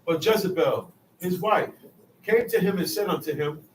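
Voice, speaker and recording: A man's voice: sits high, moderate pace. A man reading archaic Bible verses aloud during a class. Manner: reads archaic verses in a steady tone. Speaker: scripture reader in class. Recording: echoey room, distant, faint noise.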